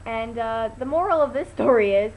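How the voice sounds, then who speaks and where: At a moderate pace, a teenage girl chats her way through a rambling vlog story, tripping over ums and restarts and slipping into excited, high quoted voices. The audio is narrow and tinny, with a little hiss or hum.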